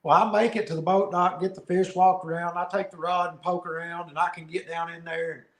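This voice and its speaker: Animated male storyteller in a roomy room. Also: high voice, fairly quick. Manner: animated storyteller, laughs often, repeats words. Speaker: podcast guest, fishing video creator. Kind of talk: casual storytelling interview. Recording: roomy echo.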